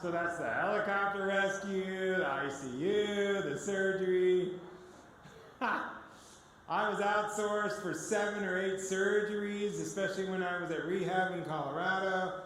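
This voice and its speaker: A man speaking as a guest speaker, telling his personal testimony to an audience as an animated storyteller who acts out the dialogue. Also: sits high, a little slow, slight background noise. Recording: echoey hall with long reverb.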